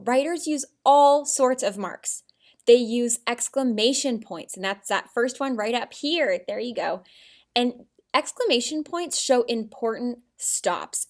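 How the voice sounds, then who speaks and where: Woman teacher, high voice, lively and expressive lesson for little kids. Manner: animated, expressive, speaking to young children. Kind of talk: children's writing lesson.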